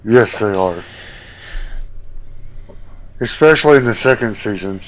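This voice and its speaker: A man talking at a slow, relaxed pace in a casual conversation. He takes his time and stays easygoing. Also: lowish voice, rough recording. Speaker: podcast guest. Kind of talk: casual chat.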